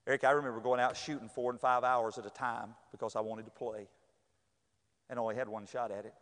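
A man from North Carolina, telling a personal story to an audience in a lively way, acting out other people's voices and sometimes shouting. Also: medium pitch, a little fast. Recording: long hall reverb.

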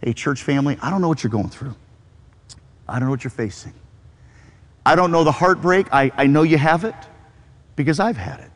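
Male pastor, high-voiced, fervent sermon delivery with soft drops and stammered repeats; long hall reverb. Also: fairly quick, pauses often. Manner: fervent preaching, swings between soft low murmurs and high cries, stammered repeats.

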